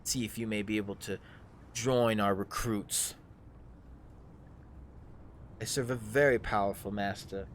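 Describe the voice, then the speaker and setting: A man voicing a haughty male dark elf who serves a powerful master, condescending and drawn out. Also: lowish voice, steady tone, measured pace, pauses often, slight background noise, close to an everyday voice. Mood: smug.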